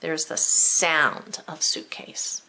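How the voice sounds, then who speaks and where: Lady teacher doing a kids spelling lesson, slow and patient, drawing out each word sound. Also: deep voice, fairly even intonation, pushed and bright, in a whisper. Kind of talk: recorded spelling lesson for children.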